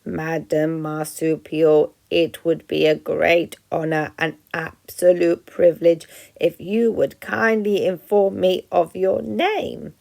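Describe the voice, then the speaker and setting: A woman reading aloud and voicing a slow, stiff, overly formal female robot. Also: lowish voice, level tone, vocal fry, a little mellow.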